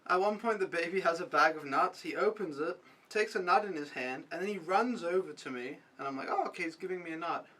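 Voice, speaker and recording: A man's voice: on the high side, a little fast, sharp tone, distant mic, rough recording. A young man recapping his week as an au pair in a casual vlog, talking frankly and swearing freely. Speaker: au pair vlogger.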